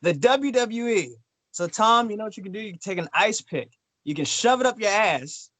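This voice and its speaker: A man with a high voice cracks crude, aggressive jokes on a podcast. His sound is dry and close to the mic. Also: animated, moderate pace, fairly bright tone, no echo. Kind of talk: casual podcast chat.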